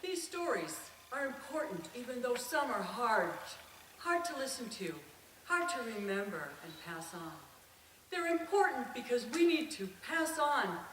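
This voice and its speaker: A middle-aged woman giving a prepared speech at a club, telling stories with an expressive voice that swells and drops. The voice sounds echoey and far from the mic. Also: fairly high pitch, slight background noise. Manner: expressive storytelling, swelling and dropping. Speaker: club speaker.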